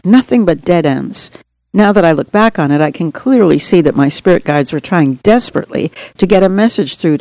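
A woman's voice: on the low side, a little mellow, no room sound. A middle-aged woman narrating her own memoir as an audiobook in an earnest, straightforward storytelling manner.

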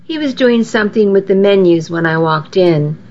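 A woman's voice: mid-range voice, expressive, moderate pace, darkish tone. A woman narrating a first-person story in an earnest, storytelling way, on a dull lo-fi recording. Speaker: audiobook narrator.

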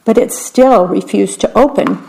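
A woman reading picture books aloud in a gentle, unhurried way, describing the pictures as she goes. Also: medium pitch, gravelly, rough recording. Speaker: storyteller.

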